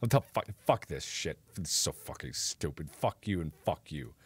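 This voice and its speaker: Animated, exasperated young male streamer. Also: very deep voice, moderate pace, husky, dry recording, clean studio sound. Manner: exasperated, swearing, loud outbursts. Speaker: live streamer. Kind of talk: live-stream gameplay commentary.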